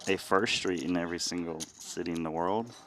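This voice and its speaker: A man's voice: sits low, brisk, fairly bright tone, a little hiss or hum. A man from Sacramento commentating a live poker broadcast, playful and teasing as he quizzes his co-host. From Sacramento, California. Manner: playful, teasing, quiz-giving.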